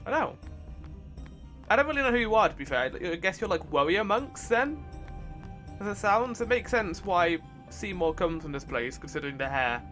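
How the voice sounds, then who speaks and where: A chatty man with a bright, forward voice talks his way through a game, reacting and musing aloud. He sits a little higher than most men in pitch, with soft game music behind him. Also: moderate pace. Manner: chatty, excitable, thinks aloud. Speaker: let's play host. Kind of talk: casual gameplay commentary.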